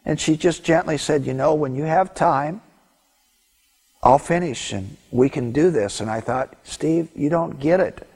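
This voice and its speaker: Man, earnest seminar teacher, slightly high voice, long reverb. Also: unhurried, darkish tone, husky. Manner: earnest, exhorting, quotes himself. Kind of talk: Christian marriage teaching.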